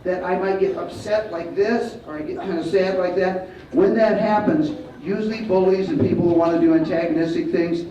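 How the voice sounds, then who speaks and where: A male martial arts instructor leading a school assembly, giving loud commands and calling for the kids to repeat after him. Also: high-pitched, steady tone, brisk, a little hiss or hum. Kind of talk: school assembly talk with call-and-response. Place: large school hall or gym. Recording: echoey hall, distant, dull sound, faint crowd.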